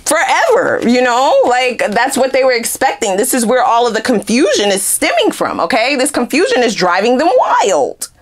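A woman giving a casual tarot reading to camera, sassy and animated, with frequent laughter and asides. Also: fairly high pitch. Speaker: tarot reader.

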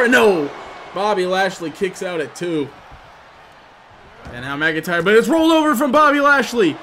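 A man doing sports-style play-by-play commentary, moving from steady calls to loud, shouted excitement. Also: high-pitched, noisy background. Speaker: commentator for his own gameplay video.

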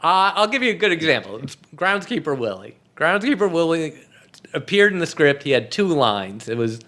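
A man's voice: a little high, fairly bright tone. A man, a comedy writer, telling anecdotes as a podcast guest in a wry, joking way and laughing at his own punchlines. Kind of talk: anecdotal storytelling.

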